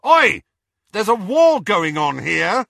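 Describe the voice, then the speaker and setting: A tense young hero, as a man reading aloud puts him on, talking fast and urgently. The voice is lifted high, bright and a little husky. It is a dry storybook reading. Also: sing-song, dry recording, exaggerated voice. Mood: shouting.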